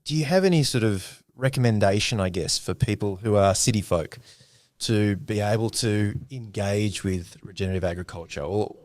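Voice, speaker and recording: A man hosting a podcast interview, speaking hesitantly with many pauses and restarts. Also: on the low side, a little mellow, no echo. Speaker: podcast host.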